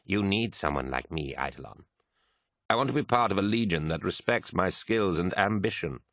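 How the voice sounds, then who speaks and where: A man voicing an ambitious, scheming male warrior who speaks in a smooth, persuasive way, in an audiobook reading. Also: low-pitched, expressive, normal speed, a bit bright, dry recording, studio quality. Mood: bitter ambitious.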